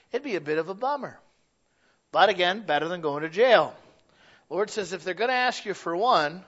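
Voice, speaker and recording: A man delivers a folksy sermon in a high, bright voice. He talks straight to his congregation and acts out the people he quotes. The recording sounds a little dull and lo-fi. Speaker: pastor.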